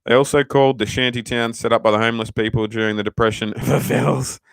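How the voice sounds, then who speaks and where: A man's voice: mid-range voice, steady tone, fast talker, creaky, clear, resonant tone, no room sound. A man hosting his channel, telling stories in a swearing, ranting way. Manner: profane, ranting, storytelling. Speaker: channel host. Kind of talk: casual livestream chat.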